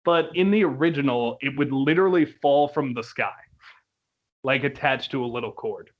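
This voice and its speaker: A young man with a mid-range voice reviews a musical in casual chat at a moderate pace, laughing often and quoting lines in put-on voices. The recording is dull and lo-fi.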